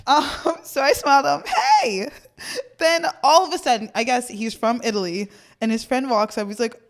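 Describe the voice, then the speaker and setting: Young female podcast co-host, giggly storyteller, higher-pitched voice. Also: brisk. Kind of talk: casual chat.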